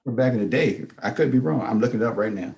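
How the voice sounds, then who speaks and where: A man co-hosting a movie podcast in casual chat, laid-back and measured, with drawn-out fillers. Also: mid-range voice, lively intonation, creaky, a little mellow. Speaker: podcast co-host.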